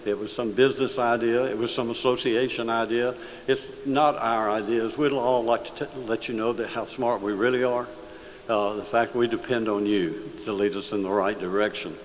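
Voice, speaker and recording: A male state senator speaks to a crowd in a large hall, his voice trailing off in a long reverb with faint hiss. He tells a story in a folksy, unhurried way and stops for "uh" and restarts. His voice sits in an ordinary middle pitch. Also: steady tone. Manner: easygoing storyteller, halting with fillers. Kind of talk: folksy speech with a joke story. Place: large hall, addressing an audience.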